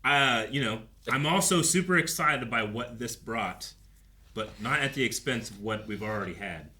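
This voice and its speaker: A man co-hosting a reaction show, chatting casually in an animated, rambling way and laughing often. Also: mid-range voice, moderate pace. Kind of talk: casual chat.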